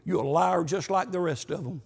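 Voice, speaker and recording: A cranky old churchman , put on by a preacher speaks high and gravelly with a husky edge. He is blunt and accusing, raising his voice. Long reverb from a church hall hangs behind every word. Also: brisk, full character voice.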